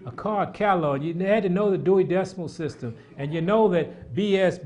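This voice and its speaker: A middle-aged man preaching a sermon, animated and repetitive, with asides to the congregation. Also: high voice, brisk.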